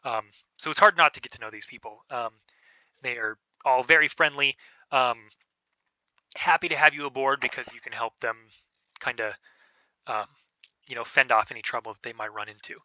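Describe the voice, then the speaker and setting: A man narrating a tabletop game as game master, in a casual, halting way with many fillers. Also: medium pitch, sharp tone, no room sound. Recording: dull, lo-fi podcast audio.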